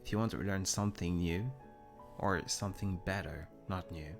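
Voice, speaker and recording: A man's voice: deep voice, fairly even intonation, moderate pace, over music. A young man with a French accent, chatting casually on a live stream, rambling and self-deprecating as he answers viewer comments. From Germany. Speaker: livestream host.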